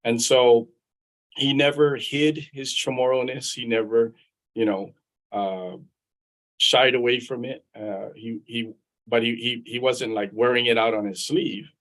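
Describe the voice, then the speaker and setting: This middle-aged man from Guam, a lawyer who served in the military, shares stories from his life during a live video interview. He talks in an easygoing way, repeating words while gathering his thoughts, in a mid-range, slightly bright voice with fairly level intonation and no rush. The recording quality is low.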